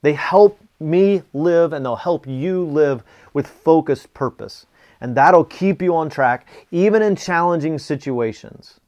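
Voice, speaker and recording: A man's voice: a little high, measured pace, darkish tone, dull audio. Middle-aged man, motivational talk, earnest, repeats key phrases, personal stories. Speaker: speaker teaching a planning method.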